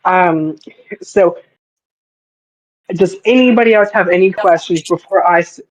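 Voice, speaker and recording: A young-sounding moderator running a casual online debate, relaxed and rambling, with slangy asides. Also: medium pitch, unhurried, poor audio.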